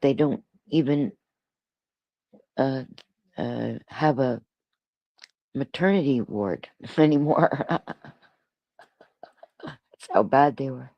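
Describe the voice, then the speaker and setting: Rambling through a relaxed solo livestream, this sixties-aged host from Toronto, Canada reads viewer comments aloud and laughs a lot. Her voice is low-pitched with a darkish tone, captured on a streaming mic with no room sound.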